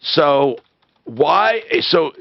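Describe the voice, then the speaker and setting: A man hosting a call-in radio show, animated and quick to interrupt with questions. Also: high voice, creaky, dry recording. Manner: animated, interrupting, exclaims in disbelief. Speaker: radio talk show host. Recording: dull lo-fi radio stream.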